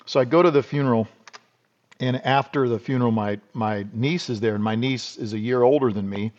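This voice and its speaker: A man's voice: mid-range voice, fairly quick, a little mellow, muffled recording. A middle-aged man from South Dakota, a podcast guest telling rambling, folksy stories in a casual interview. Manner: rambling, folksy, restarts and repeats words.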